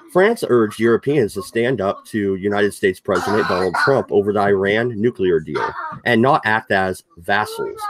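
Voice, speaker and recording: A man hosts a casual political talk stream. He reads articles aloud and then launches into sarcastic, profanity-laden rants. His voice sits at an ordinary middle pitch. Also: a little hiss or hum. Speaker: host.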